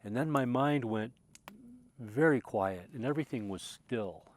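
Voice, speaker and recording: A man telling a reflective personal story, earnest and emotional, moving from loud passionate recollection to quiet hushed tones and often repeating words as he restarts. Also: mid-range voice, a little slow. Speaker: spiritual speaker.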